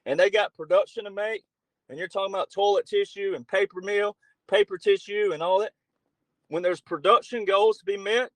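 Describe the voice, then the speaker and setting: A middle-aged man speaks as a podcast guest in a fairly high voice. He is blunt and emphatic and swears freely. His voice is recorded close on a dry mic with no room sound. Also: no echo, low-quality recording. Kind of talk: political talk show conversation.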